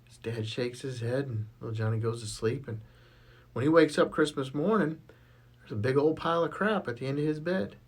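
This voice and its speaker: A man's voice: mid-range voice, brisk, husky. A man telling jokes, who chuckles at his own punchlines. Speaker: joke teller.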